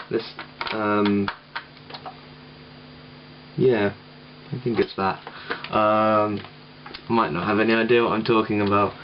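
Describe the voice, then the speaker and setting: A man's voice: fairly low pitch, highs cut off, background noise. A man casually explaining how he made his song at home, rambling and self-deprecating, with lots of ums and restarts. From England. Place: home room with guitar gear.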